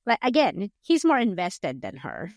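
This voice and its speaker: A woman's voice: mid-range voice, huge pitch swings, measured pace, dry recording, clean studio sound. A woman co-hosting a podcast, chatting casually about a book, rambling with lots of fillers and acting out characters' lines. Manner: rambling, filler-heavy retelling; acts out characters' lines in quotes. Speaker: podcast co-host. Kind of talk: casual book review chat.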